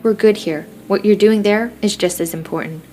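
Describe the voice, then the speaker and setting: A woman's voice: medium pitch, moderate pace, mellow, slight background noise, lightly acted. A woman reading an audiobook, voicing a teasing, nosy young female best friend with bubbly, prying questions. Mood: caring. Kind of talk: audiobook dialogue.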